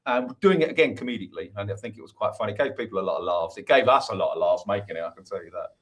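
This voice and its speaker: A man's voice: fairly low pitch, lively intonation, rapid-fire. A man who is a musician, a guest on a podcast, explaining his views at length in a casual, earnest, rambling way with many restarts. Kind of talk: casual interview chat.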